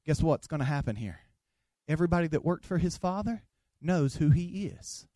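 A man's voice: on the high side, expressive, moderate pace, warm tone, no echo. A man from the Southern United States, with a Southern accent, preaching an emphatic, joking sermon full of repeated phrases.

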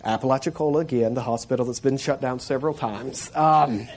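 A man from the Florida panhandle, telling a personal story in a lively way, laughing and acting out the people in it. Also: medium pitch, fairly quick, slight background noise. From Florida panhandle, USA. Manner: animated, laughing, acts out the people in his story.

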